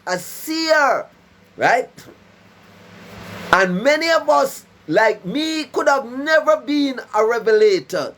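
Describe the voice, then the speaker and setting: This is a self-proclaimed prophet preaching over a live stream, his voice sitting high with a fairly bright tone. In an emphatic monologue of warnings, he repeats and rhymes his phrases and often asks "right?"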